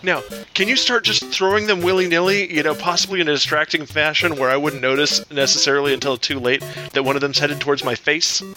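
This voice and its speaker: A man's voice: a little high, fairly even intonation, quick pace, over music. A man co-hosting a crude comedy podcast, rambling and playful as he reads out jokes. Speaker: podcast co-host.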